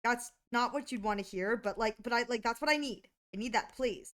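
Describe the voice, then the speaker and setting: A woman live-streaming, chatting casually to her viewers with excitable exclamations and frequent giggles. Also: a little high, a little fast.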